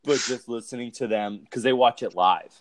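A male co-host of a wrestling podcast talks in a laid-back, rambling way, swearing freely during casual chat. His voice is medium-pitched at a normal speed, and the recording is dry.

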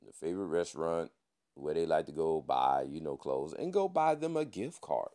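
A man's voice: rumbling low, sing-song, normal speed, dark tone. A man hosting a podcast, giving a casual news and sports recap in a laid-back way, peppering his talk with "man" and playful wordplay. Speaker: podcast host.

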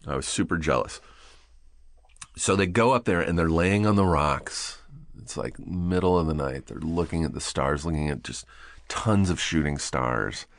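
A middle-aged man with a very low, deep voice spins a casual, swear-laden story as a podcast guest. He gets animated and laughs as he goes. The sound is close and dry, with no room around it. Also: normal speed, no room sound.

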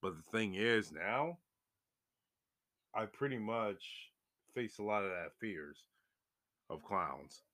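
Young guy telling a spooky story, lowish voice that swings up and down a lot, swears a bunch, dry close sound. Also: takes it slowly, long pauses, no echo. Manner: animated, swears freely, voice jumps up in excitement. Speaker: vlogger. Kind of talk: casual storytelling.

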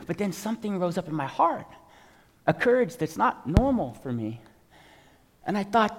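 A man's voice: high-pitched, brisk. A man preaching and telling a testimony story, acting out the people in it and raising his voice for emphasis. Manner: animated storyteller, acts out dialogue, shouts for emphasis. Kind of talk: sermon with personal testimony. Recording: reverberant hall.

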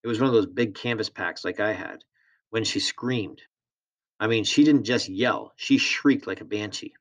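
A man reading a novel aloud in a steady, plain storytelling manner. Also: on the low side, normal speed. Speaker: reader.

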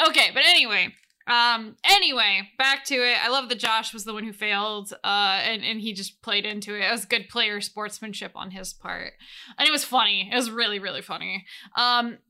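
A woman's voice: fairly high pitch, bright, forceful tone. A woman game master chatting through a casual solo recap, rambling with many restarts and frequent laughs.

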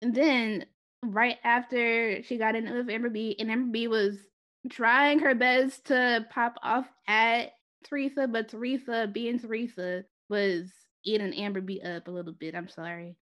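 Giggly woman podcaster, slightly high voice. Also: fairly even intonation, unhurried, fairly bright tone. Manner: laughs often, easygoing. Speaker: podcast co-host. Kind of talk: casual recap chat. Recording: dull lo-fi audio.

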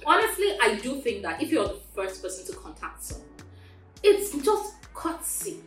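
A woman's voice: high voice, big pitch swings, normal speed. A woman hosting a podcast in casual chat, talking animatedly, laughing often and exclaiming in disbelief. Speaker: podcast host. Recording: echoey room with faint music.

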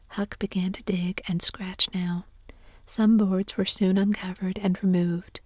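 A woman reading a story aloud in a steady, soft whisper, a whispered role-play recorded close to the microphone. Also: medium pitch, a little slow, dry recording.

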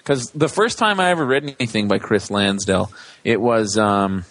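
A man's voice: fairly low pitch, normal speed, fairly bright tone, a little hiss or hum. A man co-hosting a card game podcast in casual chat, joking, teasing and swearing freely.

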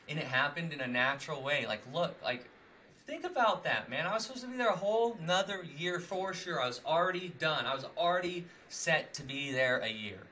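Bright young guy rambling on, lots of "like", laughs a lot, bit of hiss behind. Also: medium pitch. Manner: rambling, many "like" fillers, laughs often. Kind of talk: casual chat.

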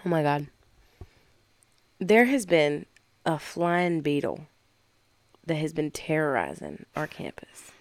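A woman co-hosting a casual podcast chat, telling animated stories with loud mimicry and swearing. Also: sits low, slow pace, pauses often, no echo. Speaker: podcast co-host.

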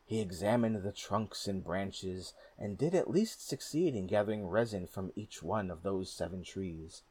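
A man with a low, slightly husky voice reads a folk tale aloud. His pace is steady and measured, with the calm of a storybook narrator. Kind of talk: storybook reading.

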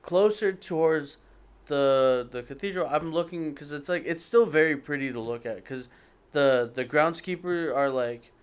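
A young man tells friends a long, casual story, rambling and hesitant, with lots of fillers and self-corrections. His voice is a little high, clear and resonant, at a moderate pace.

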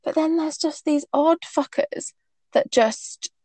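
A woman's voice: high voice, slow, a little mellow, dry recording, rough recording. A young woman from the Northeast of England, co-hosting a podcast and telling stories in casual chat, with many "like"s. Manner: chatty storytelling, lots of "like". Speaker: podcast co-host.

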